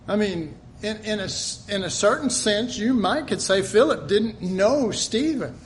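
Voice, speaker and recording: A man's voice: high voice, animated, unhurried, a little hiss or hum. A middle-aged man preaching a sermon, earnest and emphatic, often repeating himself.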